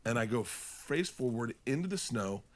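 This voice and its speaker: Profane animated man telling stories. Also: moderate pace. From Florida. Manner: animated, profane, acts out quotes in jumping pitch. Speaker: podcast host. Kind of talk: casual storytelling chat.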